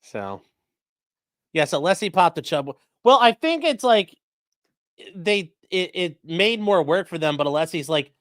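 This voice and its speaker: Guy streaming, high lively voice, dry close mic, joking around n doing goofy voices. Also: moderate pace, dry recording. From grew up in a rural area. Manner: jokey, animated, mock voices and sudden yells. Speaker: livestream host reacting to a trial. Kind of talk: casual livestream commentary.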